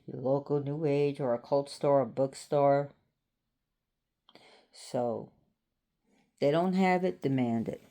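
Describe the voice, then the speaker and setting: A woman from Florida with a mellow bass voice gives a casual spoken presentation on an occult topic. She's chatty and rambles, often circling back with "so anyways."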